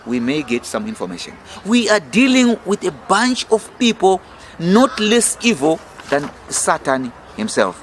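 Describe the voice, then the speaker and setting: A middle-aged man with a Zimbabwean accent speaks in a fiery, emphatic, rhetorical way, pressing each point as a campaign leader. His voice sits somewhat high for a man, with a faint hum of outdoor city sound behind him. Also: very animated, a little slow. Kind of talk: political interview. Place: outdoor restaurant in city gardens.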